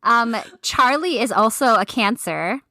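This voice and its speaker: A woman's voice: fairly high pitch, lively intonation, measured pace, noisy background. A woman in her thirties co-hosting a podcast, chatting casually, laughing often and peppering her speech with "like.". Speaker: podcast co-host. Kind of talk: casual chat.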